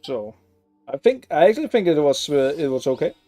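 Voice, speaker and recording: A man's voice: fairly high pitch, sing-song, brisk, mellow, no room sound, faint music behind. A man giving casual gameplay commentary, sarcastic and swearing freely as he plays. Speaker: gaming streamer.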